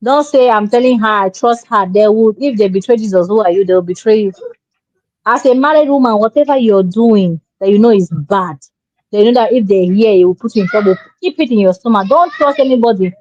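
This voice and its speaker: A woman's voice: mid-range voice, brisk, a little mellow, dry recording. A woman giving emphatic, preachy marriage advice in casual talk, acting out quoted dialogue. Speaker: relationship commentator. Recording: dull dry lo-fi sound.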